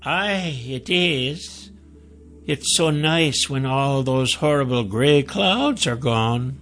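A man voicing a tall, mysterious woman in black robes who is over a hundred years old, warm and soothing. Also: medium pitch, lively intonation, slow, soft background music, pitched above the performer's own voice. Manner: gentle, coaxing.

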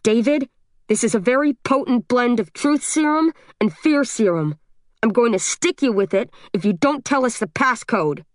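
A woman's voice: on the high side, expressive, moderate pace, no echo, close to an everyday voice. A ruthless young woman interrogator, cold and pressing in manner, voiced by the woman reading the book. The sound is dry and close, with nothing behind it.

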